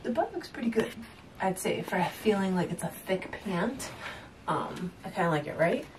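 A woman's voice: medium pitch, animated, normal speed, a little mellow, distant mic, slight background noise, rough recording. A woman chatting casually in a home vlog, rambling and laughing often as she shows off her purchases. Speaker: fitness vlogger showing purchases. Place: at home, indoors.

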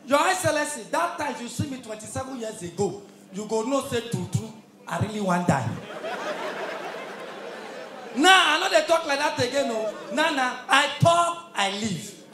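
A man's voice: very high voice, big pitch swings, moderate pace, faint music behind. A Nigerian man doing stand-up comedy as an MC, belting punchy lines and humming between them at a live event. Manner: punchy, shouted lines with hums and laughs between. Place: live event hall with audience. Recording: echoey hall, crowd noise.

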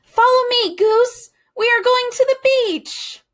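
A woman voicing an excitable, adventurous male duck in a children's storybook reading, eager and squealing. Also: sits high, measured pace, pitched above the performer's own voice, exaggerated voice. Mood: excited.

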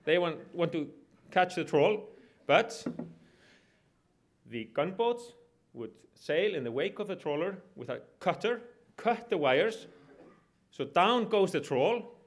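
A man with an Icelandic accent delivers a public lecture in a university hall, his voice sitting a touch higher than most men's. He tells stories with dry humor and acts out scenes with props as he goes. He often stops and restarts his phrases mid-thought. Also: fairly bright tone. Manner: humorous, anecdotal storytelling with frequent restarts. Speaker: head of state giving a public address.

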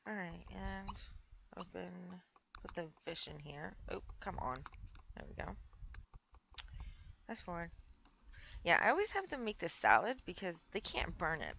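A woman's voice: on the low side, big pitch swings, a little slow, gravelly, pauses often, noisy background. Stuffy-nosed young woman narrating gameplay. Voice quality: rambling, filler-heavy, talks to the game characters. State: stuffy nose. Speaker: gameplay streamer. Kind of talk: casual let's play commentary.

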